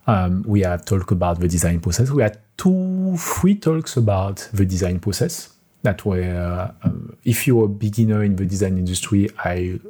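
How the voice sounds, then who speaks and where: A man's voice: sits low, slightly rough. A podcast co-host with a French accent, a man who speaks English as a second language, chatting casually and searching for words as he goes. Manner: rambling, searching for words, laughs softly. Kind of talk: casual chat.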